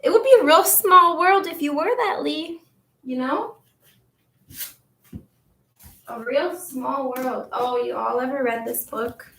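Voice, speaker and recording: A talkative woman with a slightly high voice, chatting loosely to her viewers as she sorts through her things. Her talk rambles from one thought to the next, and she stops now and then to answer comments from the audience. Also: measured pace, fairly bright tone, slight background noise. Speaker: vlogger and spiritual coach. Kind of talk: casual chat to viewers while tidying.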